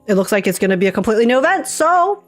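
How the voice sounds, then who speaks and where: A woman's voice: mid-range voice, animated, racing, faint music behind. A woman streaming live, chatting casually with her viewers, laughing often and restarting her phrases as she goes.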